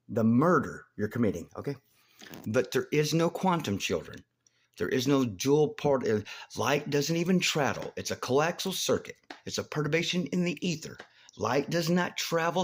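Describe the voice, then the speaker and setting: Husky-voiced man ranting in a vlog. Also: mid-range voice. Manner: rambling, halting, with many restarts and profanity; grows loud and heated. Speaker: video host. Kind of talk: rambling monologue vlog.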